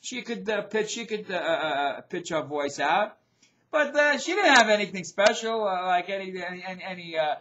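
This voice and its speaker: A middle-aged man hosting his own show, ranting in a loud, profane, repetitive way. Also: high-pitched, dull audio. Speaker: show host. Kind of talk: ranting video commentary.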